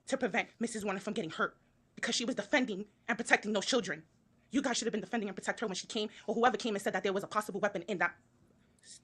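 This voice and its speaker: Rapid-fire New York woman. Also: on the high side, a bit bright. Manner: confrontational, presses with repeated "okay?". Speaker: parent addressing a school board. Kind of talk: public comment at a meeting.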